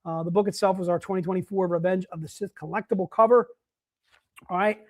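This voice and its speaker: A man's voice: high voice, fairly even intonation, fast talker, a little mellow. A man hosting a live sales stream, chatting casually and upbeat, calling everyone "dude.". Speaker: livestream sales host.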